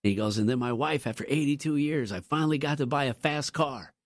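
A man co-hosting a radio morning show, telling stories casually and jumping up in pitch when he quotes people. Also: fast talker. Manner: animated, jumps up in pitch for quoted lines. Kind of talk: casual storytelling chat. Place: radio studio.

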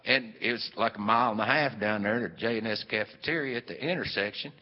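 A man's voice: on the low side, fast talker, few pauses. An older man, telling a rambling, folksy family story with many fillers. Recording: long hall reverb, dull lo-fi sound.

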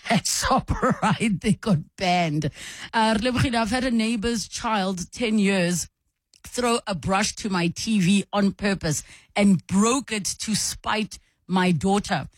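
A woman's voice: medium pitch, no echo. Woman hosting call-in radio. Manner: reads listener messages aloud, chatty and animated. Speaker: radio show host.

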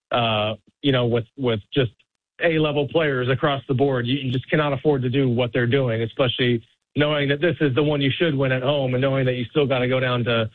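A man calling in as a team reporter, giving measured analysis with frequent fillers. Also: mid-range voice, no room sound. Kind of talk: radio phone-in analysis. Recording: tinny phone line.

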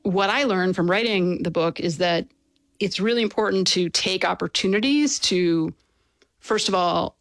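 A woman being interviewed as an author, explaining and telling stories in a lively, casual way with fillers. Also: on the low side, normal speed, no echo, soft background music. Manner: animated, storytelling with fillers and laughs.

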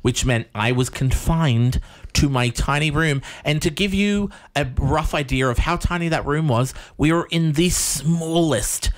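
A man co-hosting a casual chat show, telling stories in a rambling, animated way full of fillers. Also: a little high, unhurried. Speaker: podcast co-host.

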